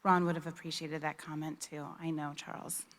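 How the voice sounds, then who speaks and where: Woman with a flat low voice introducing speakers. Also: fairly quick. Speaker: service speaker introducing eulogists. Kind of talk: memorial introduction.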